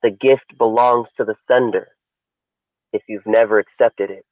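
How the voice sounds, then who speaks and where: A man voicing an old, wise kung fu master who speaks calmly and with restraint. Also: dry recording, highs cut off, close to an everyday voice. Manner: calm, measured, low.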